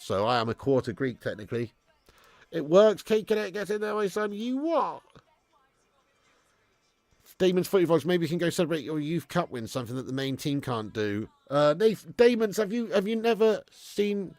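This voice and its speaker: Gravelly man hosting a live stream. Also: a little high, animated, a little fast, darkish tone, no room sound. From England. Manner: banter-filled, swears freely, reads out viewer messages. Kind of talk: casual live watch-along chat.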